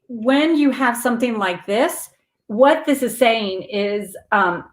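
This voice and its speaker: A woman's voice: on the high side, a little slow, fairly bright tone, echoey room, a little hiss or hum. A woman hosting a spiritual live stream, chatting with viewers in an earnest, rambling way and laughing often.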